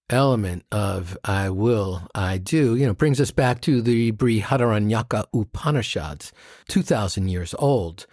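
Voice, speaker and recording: A man co-hosting a podcast as a meditation teacher, teaching in a relaxed conversational way with rhythmic, playful delivery. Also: medium pitch, no echo, clean studio sound. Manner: warm rhythmic chanting of mantras, playful asides.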